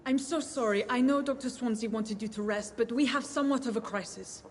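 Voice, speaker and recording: Brisk, anxious hospital nurse, voiced by a woman; a little high, with music under her. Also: a little hiss or hum, lightly acted. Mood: urgent. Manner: brisk, urgent.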